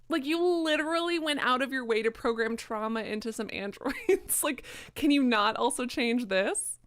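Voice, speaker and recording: A woman's voice: high-pitched, fairly bright tone. A young woman live-streaming a game, reacting casually with jokes, swearing and playful baby talk.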